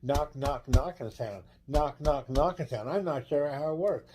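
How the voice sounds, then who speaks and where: A man's voice: fairly high pitch, a little slow, background noise, lightly acted. A man voicing a fussy middle-aged caller who drones on, repeating himself. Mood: fretting. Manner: repetitive, droning.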